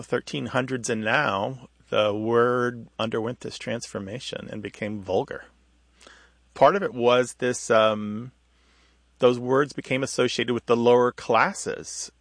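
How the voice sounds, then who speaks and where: A man's voice: medium pitch, fairly bright tone, no room sound. A male radio co-host explaining how words become vulgar, thoughtful and patient, with small restarts. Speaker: radio show co-host, language expert.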